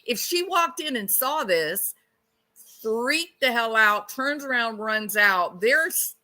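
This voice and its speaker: A woman hosts a true-crime channel, speculating in a blunt, conversational way. She keeps asking rhetorical questions, and her voice is bright and sharp. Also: on the high side, animated, takes it slowly. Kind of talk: casual speculative commentary.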